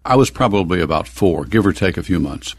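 A man's voice: low voice, lively intonation, fairly quick, slightly rough, no echo, clean studio sound. An older man from the American Midwest telling stories from his youth in an oral history interview, chuckling now and then.

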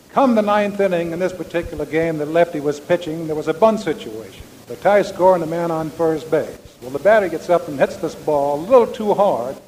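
A man's voice: fairly high pitch, a little mellow. An older man giving a speech about his ballplaying days, telling folksy anecdotes straight to the audience. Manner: folksy storytelling, addresses the audience directly. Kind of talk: after-dinner anecdote speech. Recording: reverberant hall with faint background noise.

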